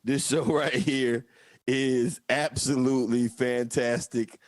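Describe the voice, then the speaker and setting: A young man hosting a live show, hyping the audience with excited, repetitive banter. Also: mid-range voice, slow, no echo. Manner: excited, repeats himself, hypes the audience. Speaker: host. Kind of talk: casual live-stream chat.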